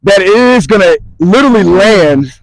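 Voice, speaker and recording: A man's voice: sits high, animated, normal speed, poor audio. A man co-hosting casual sports talk, emphatic and slangy, often repeating himself. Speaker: sports podcast co-host.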